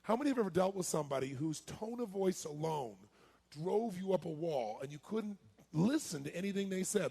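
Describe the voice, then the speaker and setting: A man giving a live seminar talk as a motivational speaker, energetic and quizzing his audience. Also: sits high, brisk. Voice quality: raspy, gravelly.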